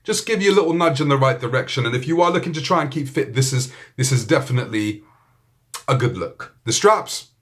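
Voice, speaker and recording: A man's voice: mid-range voice, expressive, fairly quick, a bit bright. A man with a British accent giving a casual, joking gadget review, full of swearing and banter. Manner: profane, joking, laid-back. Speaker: tech reviewer.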